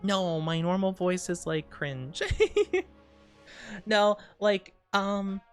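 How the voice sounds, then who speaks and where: A woman's voice: mid-range voice, very slow, clean tone, faint music behind. A young woman streamer talking casually while sick and dizzy, giggly, rambling and self-conscious. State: sick, dizzy, under the weather. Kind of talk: casual chat.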